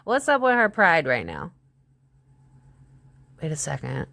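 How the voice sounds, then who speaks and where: Brief: woman tarot reader, lowish voice, blunt and chatty, dry close sound. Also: wildly swooping pitch, a little slow, vocal fry, fairly bright tone, no echo. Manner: chatty, exclaiming, blunt, swears. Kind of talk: casual tarot reading to camera.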